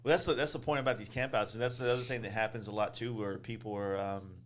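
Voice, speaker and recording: A man hosting a podcast, chatting casually in a loud, laughing, profane way. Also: on the low side, steady tone, fast, a little hiss or hum. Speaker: podcast host. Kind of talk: casual chat.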